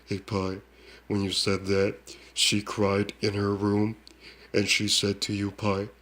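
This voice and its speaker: Man, Hmong accent, low monotone, rambling psychic monologue, scornful asides. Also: slow. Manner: ends phrases with a scornful "duh". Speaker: self-styled psychic shaman.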